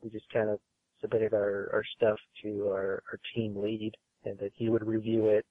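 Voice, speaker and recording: In a casual interview, this man talks about his studio work in a meandering, easygoing manner, heavy on fillers and false starts. His fairly low voice is monotone at a normal pace, and the sound resembles a phone call.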